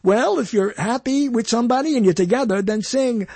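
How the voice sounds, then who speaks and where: A man's voice: very high voice, brisk, gravelly, slightly rough, dry recording. A man hosting a podcast, talking casually about songs and humming bits of melody as he explains them. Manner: animated, explains while humming along. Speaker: podcast host.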